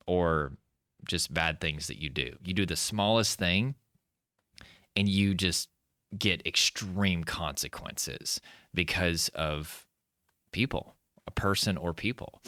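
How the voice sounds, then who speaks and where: Very deep-voiced man explaining calmly. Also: no echo, clean studio sound. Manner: earnest, explains with frequent "right?" and "okay?" check-ins. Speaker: anxiety coach. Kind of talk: direct-to-camera teaching talk.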